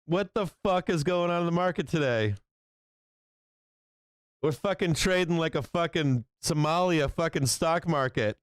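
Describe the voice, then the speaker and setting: Hosting a stock market livestream, this man has a slightly high voice that's clear and resonant, with no echo, delivered at a measured pace. His manner is profane and incredulous, and he breaks into laughter frequently.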